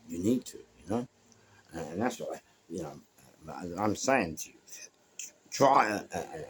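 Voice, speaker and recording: A man with a London accent telling a lively, slangy story and acting out what people said. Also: low voice, slight background noise. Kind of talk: casual spoken anecdote.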